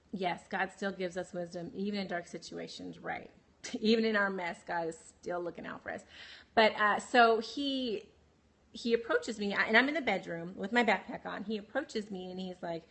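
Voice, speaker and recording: A woman's voice: medium pitch, gravelly, fairly bright tone. Candid woman telling her story on a livestream. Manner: candid, many fillers and restarts, frequent laughs; answers viewer comments by name. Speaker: livestream host. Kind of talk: personal storytelling on a live broadcast. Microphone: phone livestream.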